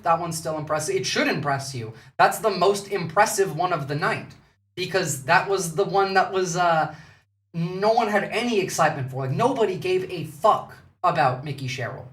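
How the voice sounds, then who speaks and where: A man's voice: high-pitched, expressive, moderate pace, fairly bright tone, distant mic. Mocking male streamer, foul-mouthed and sarcastic, sits back from the mic in a roomy space. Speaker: political commentary streamer. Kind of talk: casual live-stream commentary.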